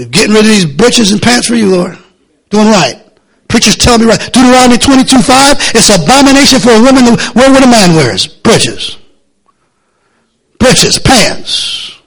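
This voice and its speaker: A man pastor preaching a rambling sermon in a church, laughing between asides and building to shouting. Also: high-pitched, gravelly, husky. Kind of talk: fiery sermon.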